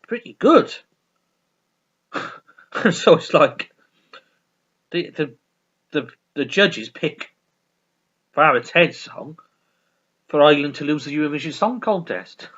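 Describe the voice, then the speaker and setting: Heard through a dull lo-fi recording, a man with a slightly high, sing-song, fairly bright and husky voice talks slowly, pausing often. As a vlogger casually discussing a sitcom, he rambles with many restarts and laughs.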